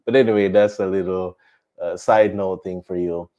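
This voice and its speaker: A man who flies as a missionary pilot, chatting to viewers on a live stream and telling stories in an animated way. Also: deep voice, moderate pace, highs cut off. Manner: animated storytelling with laughs.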